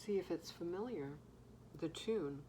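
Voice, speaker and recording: A woman giving an intuitive tarot card reading to viewers, reflective, pausing often and humming softly to herself. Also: lowish voice, expressive, slight background noise. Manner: slow, reflective, pausing, soft hums.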